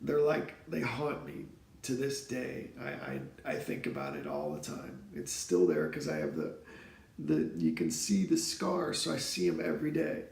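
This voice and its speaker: Gravelly man telling his story in an echoey room. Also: medium pitch, very animated, darkish tone. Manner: earnest, emotional, halting with repeated words. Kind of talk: personal storytelling to camera. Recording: roomy echo.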